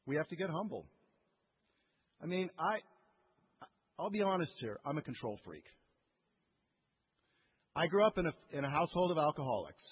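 A man with a high, husky voice preaches a sermon and keeps firing questions at his listeners in a lively, conversational way. His voice rings through a large hall with a long echo, and the sound is thin and tinny, like a phone line. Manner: animated, conversational, asks the audience questions. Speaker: pastor.

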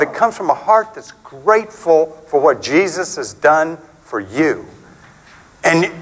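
Casting: middle-aged male preacher, higher voice, very lively delivery, chatty sermon style. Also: low-quality recording. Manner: animated, conversational, acts out quotes with big pitch swings.

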